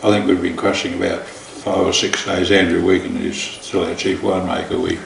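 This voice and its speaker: Old aussie bloke telling yarns, low gravelly voice, salty dry humour, echoey kitchen. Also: male voice, flat delivery, brisk. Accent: Australian. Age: older. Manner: earthy, salty, drily humorous. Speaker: winemaker telling stories. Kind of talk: anecdotal storytelling. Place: large home kitchen. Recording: roomy kitchen echo, faint hiss.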